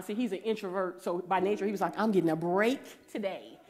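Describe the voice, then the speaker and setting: A woman, giving a preaching testimony and acting out the voices in her story, sometimes rising to a shout. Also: mid-range voice, fast. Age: 40s.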